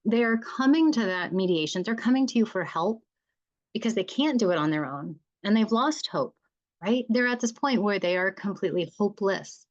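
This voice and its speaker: A woman's voice: medium pitch, lively intonation, moderate pace, lo-fi sound. A woman mediator giving an earnest, encouraging conference talk to fellow mediators, often checking in with "right?".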